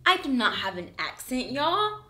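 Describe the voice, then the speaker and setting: Sassy high bright Spanish-accented woman. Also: very animated, normal speed. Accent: Spanish-accented English. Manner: sassy, laughing, switches into Spanish. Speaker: vlogger co-host. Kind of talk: casual couple reaction chat.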